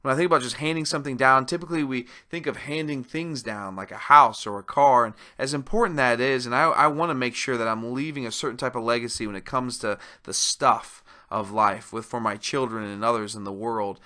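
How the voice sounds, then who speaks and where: A man's voice: mid-range voice, a little fast, few pauses, pushed and bright. A man presenting a motivational webinar, speaking earnestly and posing rhetorical questions to his listeners.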